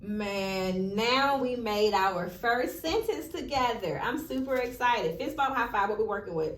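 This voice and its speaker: A woman's voice: fairly high pitch, lively intonation, unhurried, few pauses, a bit bright. A woman teacher giving a one-on-one classroom lesson, asking patient questions with playful emphasis. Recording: echoey classroom.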